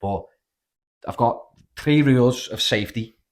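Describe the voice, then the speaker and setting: A young man with a Scouse accent, co-hosting a podcast and telling sweary, animated stories in casual chat. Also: medium pitch, measured pace. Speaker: podcast co-host.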